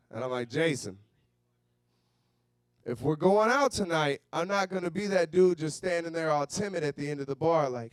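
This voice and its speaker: A young man doing a profane stand-up set at a bar, shouting out to the crowd. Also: on the high side, lively intonation, moderate pace, dry recording, clean studio sound. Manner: brash, profane storytelling with shouted crowd work. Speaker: stand-up comedian. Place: comedy bar stage.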